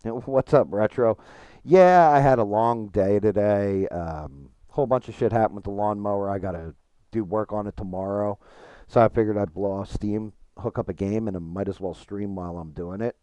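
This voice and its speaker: A man's voice: on the low side, normal speed, warm tone, no room sound. A man chatting casually with his stream chat while gaming, frank and profane, rambling and restarting his thoughts.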